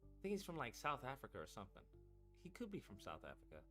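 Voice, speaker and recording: A man's voice: medium pitch, huge pitch swings, quick pace, pushed and bright, soft background music. A man hosting a casual live stream, rambling and swearing as he talks to his chat. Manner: rambling and profane, talking to chat. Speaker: streamer host.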